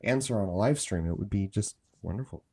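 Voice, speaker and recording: A man's voice: lowish voice, fairly quick, mellow, husky. A man in casual live-stream chat, joking around and now and then slipping into silly voices. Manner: playful, jokey, drifts into silly character voices.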